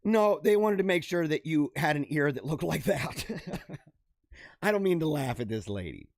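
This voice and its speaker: A man's voice: fairly high pitch, lively intonation, moderate pace, creaky, no echo, studio quality. A man hosting a show, casually reading out odd news stories and riffing on them with lots of laughter, speaking straight to his viewers. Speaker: podcast host.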